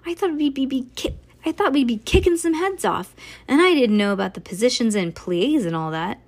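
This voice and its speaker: A woman's voice: high-pitched, animated, brisk, voice pushed up. A woman voicing a grumpy, outspoken young schoolgirl in a storybook, blunt and complaining. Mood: grumbling.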